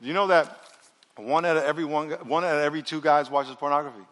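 Brief: middle-aged male pastor with a high voice, upbeat and jokey sermon delivery, call-and-response with the room. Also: fast. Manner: energetic, joking, leads call-and-response. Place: large church auditorium. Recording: long reverb of a large church hall.

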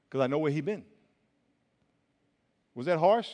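Brief: young male youth pastor, high voice, lively casual preaching, hall echo. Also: moderate pace, pauses often. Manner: animated storytelling, swings from loud to hushed; colloquial, says y'all. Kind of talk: sermon. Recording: long reverb of a large hall.

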